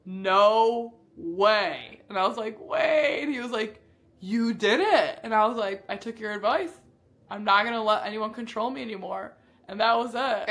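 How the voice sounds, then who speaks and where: A woman in her twenties telling a personal story to camera in a candid vlog, acting out what people said. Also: medium pitch. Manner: animated, acts out quoted voices, candid. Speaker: vlogger.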